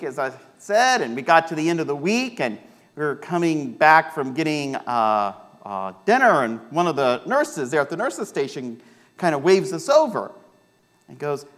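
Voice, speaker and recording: A male pastor with a Midwestern American accent, preaching a sermon and telling a personal story with lively, acted-out quotes. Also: a little high. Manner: animated storytelling, acts out voices in quotes.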